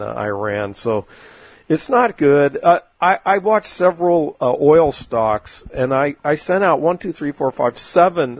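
A man's voice: medium pitch, no echo. A man hosting an investment talk show, giving casual market commentary in a rambling, folksy way with many fillers.

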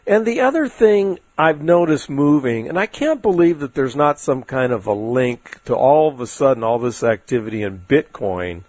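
A man's voice: medium pitch, very animated, moderate pace, hardly any pauses, darkish tone, no room sound. A man hosting an investment talk show, giving casual market commentary in a rambling, folksy way with many fillers.

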